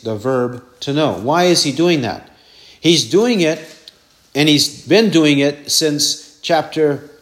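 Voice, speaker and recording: A man preaching an expository sermon, repeating verse references and asking rhetorical questions. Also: fairly high pitch.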